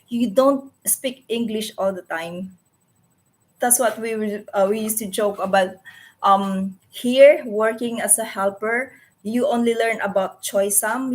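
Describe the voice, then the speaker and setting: A Filipino woman in her forties, a native Tagalog speaker with a Filipino accent, hosts a casual livestream from her computer in a mid-range voice. She speaks earnestly, frequently pausing to find words and correcting herself.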